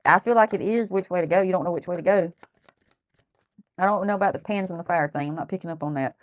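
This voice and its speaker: A woman's voice: lowish voice, quick pace. Woman doing a tarot reading, blunt, talks to herself a lot, says stuff twice. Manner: blunt, repeats herself, thinks aloud. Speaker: tarot reader.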